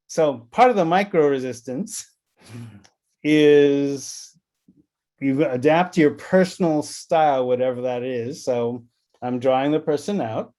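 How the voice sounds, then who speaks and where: A man from Los Angeles, California, speaks slowly and deliberately in a warm, medium-pitched voice. Presenting on anti-racism in a recorded training session, he tells stories and acts out quoted dialogue.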